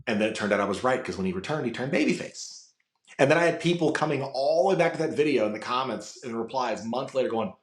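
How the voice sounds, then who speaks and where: A man's voice: mid-range voice, expressive, fast talker. A man from the United States, a podcast guest, chatting casually in rambling stories full of swearing. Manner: rambling storytelling with frequent swearing. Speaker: guest, wrestling content creator. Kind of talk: casual interview chat. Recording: echoey room.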